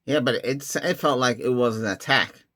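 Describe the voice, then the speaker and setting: A man's voice: mid-range voice, moderate pace, fairly bright tone. A man hosting a tech channel, talking casually and rambling with many restarts and chuckling asides. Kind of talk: casual rambling vlog talk.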